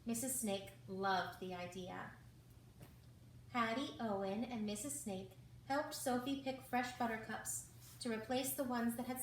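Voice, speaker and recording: A woman reading a children's book aloud in a slow, expressive way. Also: on the high side, slight background noise. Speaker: reader. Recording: roomy, from far off.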